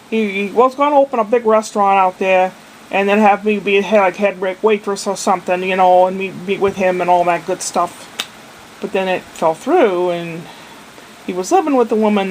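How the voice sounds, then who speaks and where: A woman's voice: mid-range voice, slight background noise, poor audio. An older woman in a casual video diary, chatty and meandering, with a self-deprecating manner. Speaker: vlogger.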